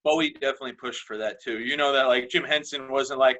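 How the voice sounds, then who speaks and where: A male comedian co-hosting a podcast from the corner of a home basement, telling stories in a dry, deadpan way. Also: medium pitch, fast, lo-fi sound. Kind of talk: casual podcast chat.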